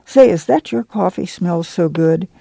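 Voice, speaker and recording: A man reading the part of a friendly, lean camp manager who talks with easy, chatty warmth. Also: high voice, expressive, unhurried, creaky, dry recording, full character voice.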